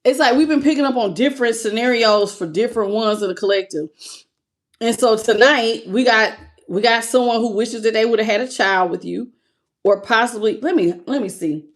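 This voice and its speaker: Tarot reader, woman, slightly high pitch, loose and chatty, calls viewers "baby". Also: moderate pace. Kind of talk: casual livestream tarot reading.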